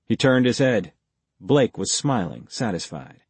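A man narrating a thriller audiobook in an even, deliberate storytelling manner. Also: sits low, no room sound.

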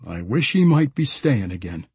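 A gruff, protective tavern keeper, as a male narrator voices him, plain-spoken and blunt. His voice is a touch louder than the narration, with a husky grain. The recording is dry. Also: fairly low pitch, sing-song, normal speed, no echo, heavily acted. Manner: plain-spoken dialect speech.

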